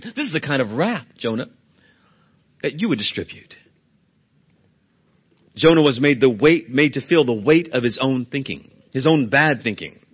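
A man's voice: on the high side, breathy edge, highs cut off. A male pastor preaching a sermon in an earnest, emphatic way, often asking the congregation rhetorical questions.

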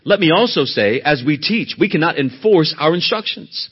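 Emphatic husky male preacher, lo-fi. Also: fairly high pitch, lively intonation, normal speed. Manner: emphatic, rising to loud stresses then dropping to a soft hush. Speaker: preacher, church elder. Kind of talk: sermon. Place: church.

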